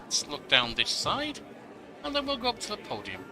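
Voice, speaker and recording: A man's voice: high-pitched, huge pitch swings, normal speed. A man commenting on his game playthrough, reading text aloud with playful asides. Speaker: gamer. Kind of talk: let's-play commentary.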